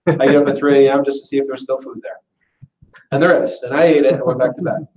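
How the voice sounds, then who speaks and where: A man giving a chatty, self-deprecating business pitch to a live audience in a meeting room, often breaking into laughs. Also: steady tone, fast talker, a little mellow, a little hiss or hum. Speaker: business presenter at an info session. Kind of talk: casual, joking sales pitch to a live audience. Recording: roomy echo, voice far from the mic.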